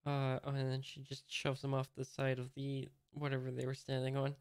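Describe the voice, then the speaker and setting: Gravelly man, flat hesitant read-along. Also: medium pitch, normal speed, dry recording, clean studio sound. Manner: hesitant, describing panels as he goes. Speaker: host reading a manga aloud. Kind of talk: casual read-along commentary.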